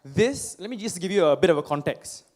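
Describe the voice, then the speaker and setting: A young man, giving a personal storytelling speech to a live audience, animated and self-mocking, often asking the crowd questions. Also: high-pitched, a little fast. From Singapore. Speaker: motivational speaker. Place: stage before a live audience.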